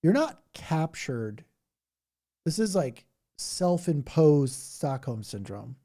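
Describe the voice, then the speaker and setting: A man's voice: on the high side, sing-song, takes it slowly, mellow. A man hosting a livestream, chatting casually with his viewers, rambling and laughing as he mocks things with silly impressions. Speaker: livestream host. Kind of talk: casual chat reacting to viewer comments.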